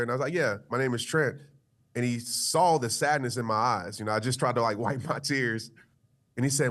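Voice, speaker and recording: A man's voice: medium pitch, brisk, a bit bright. A male motivational speaker with a mid-range voice tells a personal story. He talks in an earnest, loose, conversational way, with plenty of fillers as he goes. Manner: earnest, conversational, frequent "you know" fillers.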